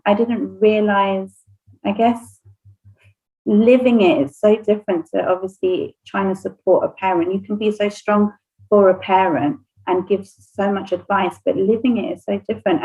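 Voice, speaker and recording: A woman's voice: mid-range voice, a little mellow, lo-fi sound. A woman, a nursery owner whose first language is Spanish, casually telling an emotional personal story on a podcast and laughing often.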